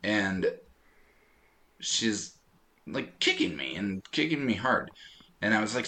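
A man co-hosting a podcast in casual chat, telling animated stories and laughing often. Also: lowish voice, slow, pauses often. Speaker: podcast co-host.

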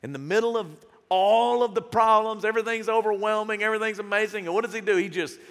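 A male pastor preaching a sermon, earnest and animated, with sudden loud bursts. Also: high voice, fast talker, in a large hall.

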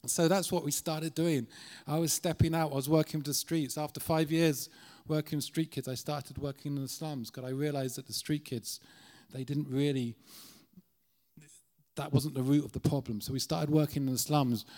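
A man's voice: fairly high pitch, fairly even intonation, normal speed, a little mellow. Irish guy preaching in a church, middle aged, earnest, keeps restarting his sentences. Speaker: guest preacher. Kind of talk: sermon.

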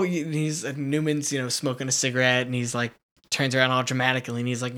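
A man co-hosting a podcast, animatedly retelling a story in a casual way, with many fillers and quick asides. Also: medium pitch, flat delivery, a bit bright. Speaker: podcast co-host. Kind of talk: casual retelling of a pitched TV episode.

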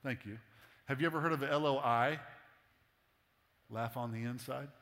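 A male pastor preaching in a relaxed, joking, conversational tone. His voice sits at an ordinary pitch and carries a long reverb from the church hall. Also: moderate pace. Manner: casual, humorous, conversational. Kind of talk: sermon.

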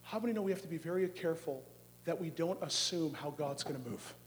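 A middle-aged man delivers a charismatic sermon in a high voice, swinging dynamically from hushed words to shouted ones and stretching phrases out slowly. He repeatedly asks the crowd questions, with slight background noise.

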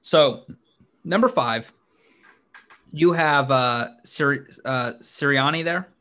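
Animated man on a sports podcast. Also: takes it slowly. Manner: animated, jumps up in pitch when excited, laughs often. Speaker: podcast co-host. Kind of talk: casual sports podcast chat.

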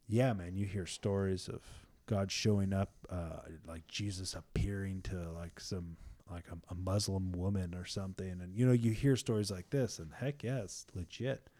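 A young man with a somewhat low voice talks through faith ideas in a relaxed, conversational way. He is earnest and emphatic, circling back and repeating words as he builds toward his point. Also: normal speed, hardly any pauses.

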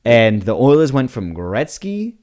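Man from Canada, podcast co-host, mid-pitched, very lively intonation, wry deadpan humor. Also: a little slow. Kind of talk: casual comedic chat.

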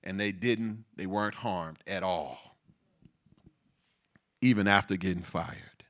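A man preaching a sermon, reading scripture and breaking into animated, laughing asides with repeated words for emphasis. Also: low voice, slow.

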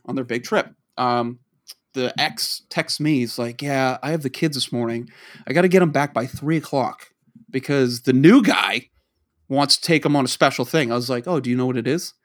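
A man from the Boston area, co-hosting a podcast and telling a long rambling story, acting out the dialogue he quotes. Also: medium pitch. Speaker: podcast co-host. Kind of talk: casual storytelling.

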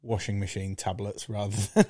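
A man's voice: lowish voice, flat delivery, moderate pace, mellow, no echo, clean studio sound. A man, co-hosting a podcast, telling a story hurriedly and correcting himself as he goes. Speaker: podcast co-host. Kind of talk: casual chat.

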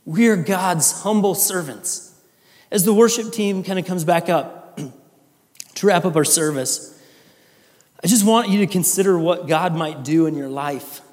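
Male pastor, high voice, earnest conversational sermon, long church reverb. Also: unhurried. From Iowa. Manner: earnest, conversational with fillers and restarts. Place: church sanctuary.

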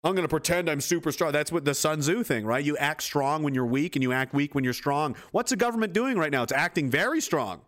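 A man's voice: a little high, animated, brisk, few pauses, fairly bright tone. A man delivering a fierce, profane motivational rant, swearing freely and hammering his points with repetition.

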